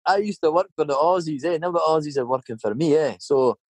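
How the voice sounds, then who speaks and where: A man's voice: on the high side, a little fast, husky, dry recording. Swearing Scottish man telling stories. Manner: swearing, rambling anecdotes with tag questions. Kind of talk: casual storytelling chat.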